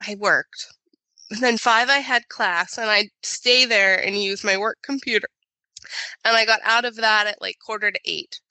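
A woman's voice: mid-range voice, steady tone, normal speed, sharp tone, dry recording, low-quality recording. A woman telling a rambling story in casual chat, full of fillers and quoted asides.

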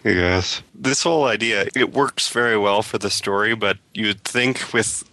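A man co-hosting a casual fan podcast. His voice sits fairly low but sounds bright and forceful. He muses dryly on the story. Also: unhurried, no echo. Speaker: podcast co-host.

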